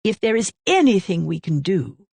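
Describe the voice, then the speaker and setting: A woman voicing a polite, tactful middle-aged gentleman. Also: fairly low pitch, very animated, normal speed, vocal fry, husky, no echo, exaggerated voice.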